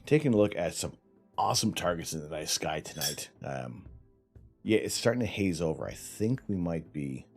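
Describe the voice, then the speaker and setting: A man's voice: low-pitched, lively intonation, normal speed, vocal fry, darkish tone, breathy edge, soft background music. A man hosting a live stream in casual, rambling chat, his tongue and lips numb, often sighing. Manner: rambling, chatty, sighs often. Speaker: livestream host. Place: home setup during night imaging.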